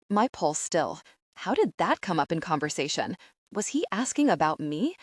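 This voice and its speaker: Female audiobook narrator, expressive, wide-ranging delivery, dry booth. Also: low voice, normal speed, no room sound. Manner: expressive, wry. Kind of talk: first-person audiobook narration.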